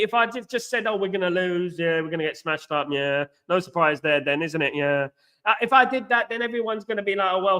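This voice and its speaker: A man's voice: high voice, pushed and bright. A man hosting a casual football live stream, passionate and rambling as he reads the chat aloud. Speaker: livestream host and football fan.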